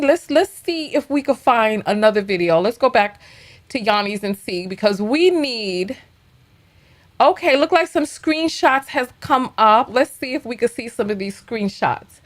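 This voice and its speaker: A woman's voice: a little high, big pitch swings, a little slow. A woman hosting a reaction show, commenting casually and bluntly while reading messages aloud. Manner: chatty and blunt, reads screenshots aloud.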